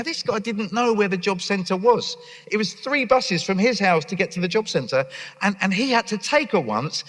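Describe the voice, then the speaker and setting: A man giving a conference keynote on a stage, telling stories with animation and acting out voices. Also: sits high. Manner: animated storyteller who acts out voices. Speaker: charity leader giving a conference talk. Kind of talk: keynote talk. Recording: echoey hall.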